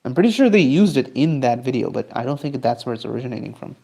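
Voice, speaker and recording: A man's voice: medium pitch, fast talker, creaky. Easygoing male streamer chatting while drawing. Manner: relaxed, rambling, answers chat while drawing. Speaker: streamer and artist. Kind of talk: casual livestream chat.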